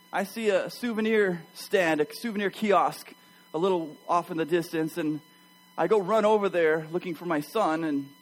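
High-voiced pastor telling a story. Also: male voice, low-quality recording. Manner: animated storytelling, addresses the congregation. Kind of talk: sermon.

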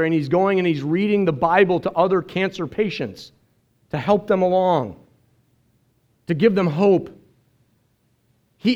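High-voiced earnest male pastor preaching. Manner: emotional, earnest preaching with quoted dialogue. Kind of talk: sermon. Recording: dull lo-fi sermon recording.

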